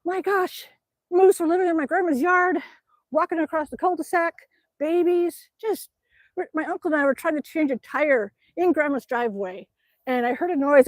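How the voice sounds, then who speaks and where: A woman from Alaska hosting a casual livestream, reading chat aloud, laughing often and cooing softly to her dog. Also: high-pitched, no echo.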